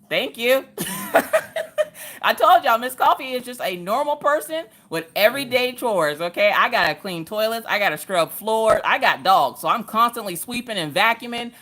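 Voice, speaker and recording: A woman's voice: a little high, expressive, moderate pace, a bit bright. A woman, chatting casually with her livestream audience from her couch at home while she crafts, laughing often and greeting viewers by name. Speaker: livestream host.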